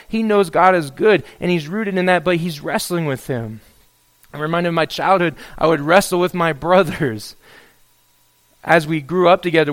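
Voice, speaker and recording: A man preaching a sermon, reading scripture and then acting out a prophet's pleading complaints to God. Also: a little high. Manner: reads scripture then expounds, acts out a pleading prophet with rising intensity. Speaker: pastor.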